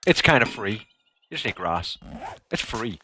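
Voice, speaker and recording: Giggly, excitable gamer guy. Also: lowish voice, a little slow, noisy background. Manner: excitable, giggly, chatting to viewers. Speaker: gaming streamer. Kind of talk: casual live gameplay commentary.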